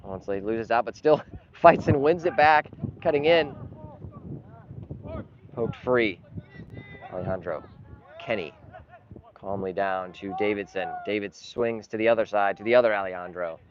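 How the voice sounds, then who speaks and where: Give me a man commentating his own club's soccer match, frustrated and blunt, over dull lo-fi live-stream sound with clear outdoor noise behind. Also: lowish voice, moderate pace, pauses often. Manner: frustrated, bursts into yelling at bad calls. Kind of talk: partisan play-by-play commentary.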